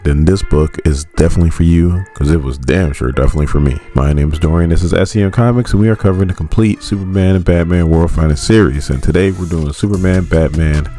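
A man hosting a comic book channel, chatting casually and laughing through an animated retelling of an issue. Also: sits low, fast, hardly any pauses. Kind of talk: casual comic recap vlog.

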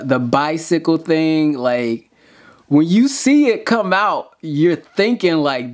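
Give me a guy talking on a reaction video, breathless and slangy, stumbling over his restarts. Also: medium pitch. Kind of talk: excited reaction commentary.

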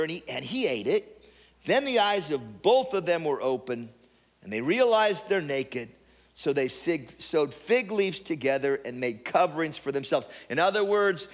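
A man preaches a Sunday sermon in a high voice, talking loosely and often restarting his phrases. His words ring out with a long reverb across a church sanctuary. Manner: repetitive restarts, conversational preaching. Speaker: pastor.

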